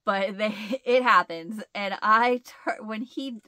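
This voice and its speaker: A woman's voice: mid-range voice, slow pace, bright, forceful tone, no echo. A woman hosting a casual chat, rambling and laughing often, with a stuffed-up nasal sound. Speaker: host.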